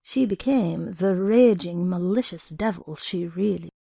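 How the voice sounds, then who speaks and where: Expressive woman storyteller for audiobook narration, warm and gravelly. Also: fairly low pitch, measured pace, no echo, studio quality. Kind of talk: audiobook reading of a short story.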